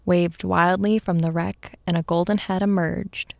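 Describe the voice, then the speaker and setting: A woman narrating a story aloud in a measured, expressive reading. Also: on the low side, vocal fry, a little hiss or hum.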